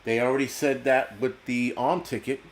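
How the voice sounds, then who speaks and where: A man's voice: mid-range voice, fairly even intonation, normal speed, a little hiss or hum. A man hosting a live stream, ranting casually and bluntly with a lot of swearing and reading out viewer comments. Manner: profane, blunt, reads chat aloud. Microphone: computer mic on a video call.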